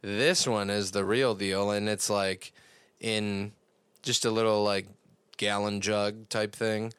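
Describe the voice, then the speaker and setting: A man's voice: on the low side, level tone, takes it slowly, fairly bright tone, smooth, dry recording. A young man casually recapping a cartoon episode on a podcast, rambling and swearing with lots of fillers. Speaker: podcast co-host.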